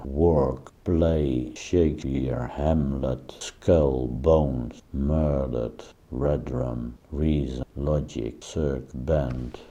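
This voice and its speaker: A man slowly reciting a chain of free word associations, one word at a time. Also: extremely low pitch, warm tone. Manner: slow, deliberate, list-like.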